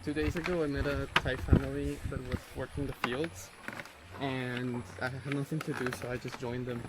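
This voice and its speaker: A man, a travel companion, making low-key, brief replies in casual chat outdoors. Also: little pitch movement, normal speed. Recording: loud hiss, off-mic.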